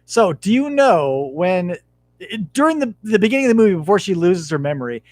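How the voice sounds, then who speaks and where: A man's voice: sits high, a little fast. A man in his thirties hosting a podcast, telling stories in a casual chat with lots of profanity. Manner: animated, profane storytelling. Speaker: podcast host.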